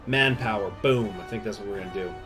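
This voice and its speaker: A man's voice: lowish voice, fast talker, over music. A man hosting a gaming channel, chatting casually and getting sidetracked while he plays. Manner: easily distracted, chatty, many fillers. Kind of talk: casual gameplay commentary.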